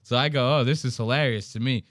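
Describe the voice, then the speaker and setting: A man's voice: mid-range voice, quick pace, a bit bright, no room sound, clean studio sound. A man hosting a casual podcast, telling a story with lots of swearing, laughter and acted-out quotes. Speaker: podcast host.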